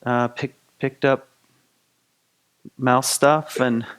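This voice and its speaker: A man's voice: mid-range voice, steady tone, drawn-out words, a bit bright, clear, resonant tone. A man hosting a spiritual podcast, retelling a folktale in a casual, rambling way full of fillers and restarts. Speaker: podcast host. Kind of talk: spoken storytelling of a folktale.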